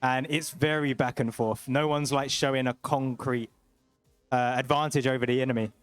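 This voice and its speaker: A young man co-commentating a live esports match with steady, analytical play-by-play. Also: medium pitch, moderate pace, clear, resonant tone, no echo, faint music behind.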